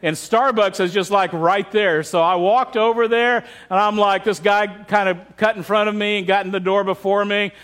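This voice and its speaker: A man's voice: high voice, fairly even intonation, normal speed, few pauses, fairly bright tone. A man, a pastor, preaching a sermon through candid, humorous storytelling.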